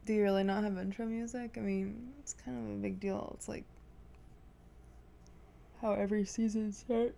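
A woman's voice: medium pitch, little pitch movement, normal speed, vocal fry, pauses often, warm tone. Wry woman guest on a home podcast. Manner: dry, wry. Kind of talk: casual chat.

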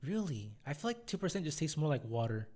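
A young podcast host with a mellow, sing-song voice on the higher side talks quickly. In casual conversation he wanders through stories, acting out the quotes and voices of the people in them.

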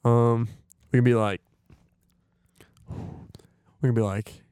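A teenage boy co-hosting a podcast, chatting excitedly and planning pranks. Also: medium pitch, slow, smooth, no echo, studio quality. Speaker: podcast co-host. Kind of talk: casual chat.

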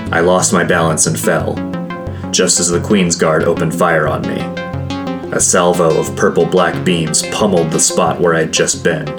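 Deep-voiced man narrating a fantasy audiobook. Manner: measured, dramatic storytelling. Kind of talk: first-person scripted audiobook narration. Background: soft guitar music.

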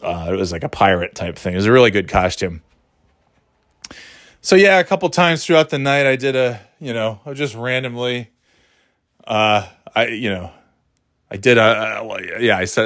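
A man's voice: mid-range voice, lively intonation, moderate pace, fairly bright tone, no room sound, studio quality. A middle-aged man telling a story in a casual, self-deprecating, rambling way.

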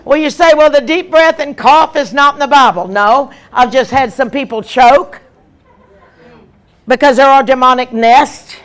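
A woman's voice: high voice, unhurried. Emphatic woman evangelist preaching. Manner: emphatic, animated preaching with repeated lines. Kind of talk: sermon.

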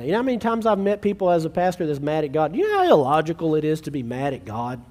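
Male pastor, slightly raised pitch, conversational sermon delivery, restarts, plays out little quoted dialogues. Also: sing-song, fast talker, hardly any pauses, darkish tone. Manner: earnest, conversational preaching with frequent restarts; acts out quoted family dialogue.

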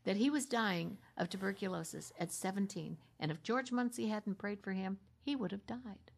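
Earnest woman with a gravelly edge. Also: mid-range voice, moderate pace. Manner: earnest, sinks into a soft half-whisper at tender points. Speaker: minister sharing her story. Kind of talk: heartfelt conversational testimony.

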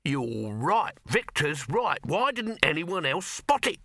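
A man's voice: on the high side, big pitch swings, slow, creaky, sharp tone, no echo, clean studio sound, voice pushed up, exaggerated voice. A man voicing a pushy, scheming film producer who talks in soapy tones with a hint of menace. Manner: soapy and menacing, full of sales talk.

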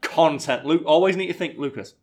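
A man's voice: on the high side, fairly quick, darkish tone. A young man hosting a podcast, laid-back and joking, and he swears freely. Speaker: podcast host and streamer. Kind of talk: casual podcast chat.

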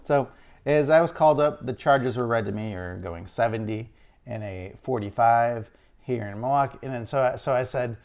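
A man from Illinois telling a personal story in an animated, exasperated way. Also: mid-range voice, moderate pace. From Illinois, USA. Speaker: speaker.

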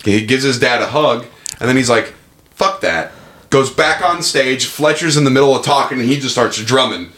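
A man's voice: medium pitch, a little fast, fairly bright tone. A man co-hosting a podcast in casual chat, recapping scenes blow by blow with plenty of swearing. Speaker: podcast co-host. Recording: echoey room, faint noise.

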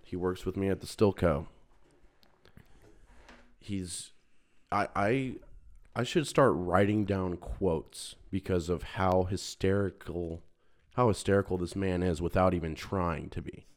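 Deep low-voiced guy on a podcast, rambling funny work stories, swears a lot. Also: measured pace, long pauses. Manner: animated storyteller, swears freely, laughs at his own tales. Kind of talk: casual storytelling chat.

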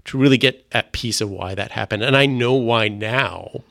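A middle-aged Canadian man, a guest in a conversation, earnestly shares his faith testimony, halting and often restarting his sentences. His voice sits at medium pitch, creaky and fairly bright. The recording is studio quality with no room sound.

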